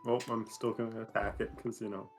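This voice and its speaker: A man's voice: on the low side, level tone, brisk, music in the background. A man playing a tabletop role-playing game, speaking in an offhand, laid-back way. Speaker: player. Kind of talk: casual tabletop role-play.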